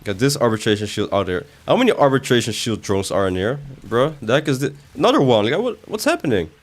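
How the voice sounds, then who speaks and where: A young man streams a video game live, talking fast in a sing-song, medium-pitched voice. He reads chat and jokes back casually, his voice leaping up whenever he protests.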